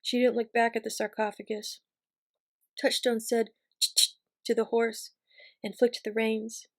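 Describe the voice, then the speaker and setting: A woman reading a fantasy novel aloud in an even, measured narration. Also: a little high. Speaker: reader. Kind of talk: audiobook reading.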